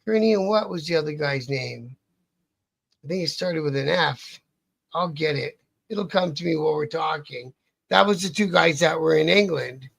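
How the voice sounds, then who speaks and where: A man tells a long, rambling story as an interview guest, cursing casually and tripping over his own sentences. His voice sits fairly high for a man and has a gravelly, husky edge. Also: normal speed, fairly bright tone. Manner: rambling, profane, restarts a lot.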